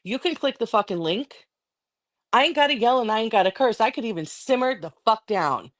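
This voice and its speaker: A woman's voice: fairly high pitch, expressive, brisk, fairly bright tone. A livestreaming woman in a heated, profane, confrontational rant aimed at a rival.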